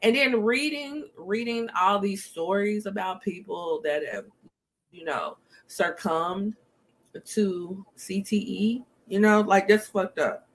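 A woman hosts a casual podcast chat, speaking frankly with many ums and laughing often. Her voice is medium-pitched and her pace slow.

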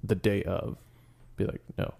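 A man's voice: fairly low pitch, fairly even intonation, moderate pace, creaky, dark tone. A young man telling a rambling, profane story on a casual podcast as its co-host.

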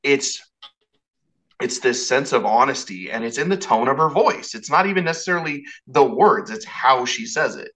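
Bright-voiced man hosting, rambling. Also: medium pitch, lively intonation, normal speed, low-quality recording. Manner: rambling, casual, swears, restarts a lot. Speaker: podcast host. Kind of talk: casual interview chat.

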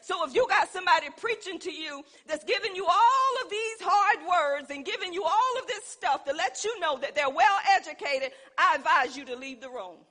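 A woman preaching with a very high, bright, forceful voice. She calls out to her listeners and draws them into call-and-response. Her delivery swells into fervent emphasis. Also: lively intonation, moderate pace, hardly any pauses. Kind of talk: sermon.

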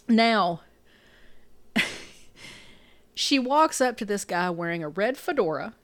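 A woman's voice: medium pitch, animated, drawn-out words. A woman co-hosting a podcast, casually recapping a movie scene by scene and laughing often. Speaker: podcast co-host.

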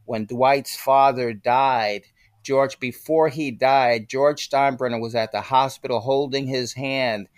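Speaking at medium pitch and taking his time, this older male interview guest animatedly spins stories for a podcast, performing the voices he quotes. There's no room sound, just clean studio audio.

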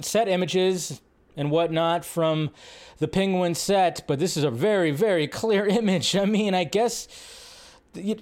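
A man hosting a live stream, chatting casually and rambling with lots of fillers, now and then shouting out quotes. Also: a little high.

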